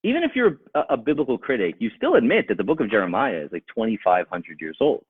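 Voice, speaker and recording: A man speaks as a rabbi, his voice climbing and falling in wide swings as he drives each point home with rhetorical questions and repeated phrases. His tone is husky and dry, with no room sound around it. The sound is thin and narrow, like a phone line. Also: medium pitch, very animated, fast, no echo. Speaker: rabbi giving a talk. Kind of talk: impassioned talk to a live audience.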